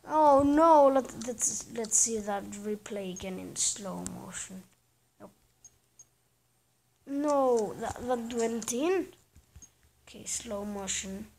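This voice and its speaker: Gravelly, slow-talking female game commentator. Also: mid-range voice, darkish tone, slight background noise, low-quality recording. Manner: chatty, reacts aloud to plays, often trails off. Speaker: gaming channel host. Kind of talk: casual gameplay commentary.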